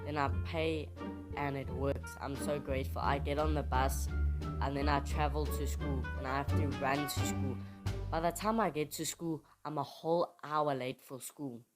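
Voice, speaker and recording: A young man from South Africa with a South African accent, telling stories in a chatty, animated way in his room. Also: fairly high pitch, normal speed. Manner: chatty, animated, teasing complaints. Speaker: vlogger. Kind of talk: casual storytelling vlog. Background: music.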